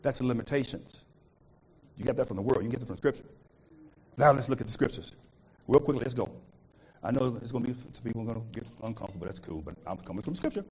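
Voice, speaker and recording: A man's voice: mid-range voice, quick pace, long pauses, breathy edge, low-quality recording. A man preaching a call-and-response sermon as pastor, repeatedly asking the congregation to finish his words. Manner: animated preaching, asks congregation to fill in words.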